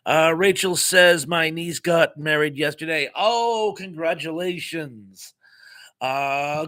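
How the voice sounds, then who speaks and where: A middle-aged American man hosting a live chat stream. He has a bright voice pitched a little above the usual for a man, and he reads viewers' comments aloud in a chatty, jokey way. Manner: chatty and jokey, laughing often.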